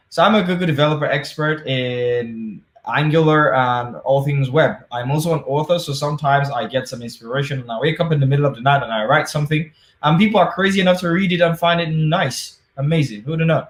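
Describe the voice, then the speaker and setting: A man's voice: a little high, roomy sound. A man giving a conference talk over a video call, chatty and self-deprecating with many fillers. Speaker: tech conference speaker.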